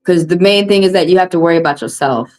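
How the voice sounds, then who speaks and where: Brief: Southern US woman, low-pitched, blunt and heated livestream host, phone mic. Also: fast talker, a little mellow, poor audio. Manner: blunt, heated, repeats points. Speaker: tarot reader hosting a livestream. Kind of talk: livestream venting to viewers.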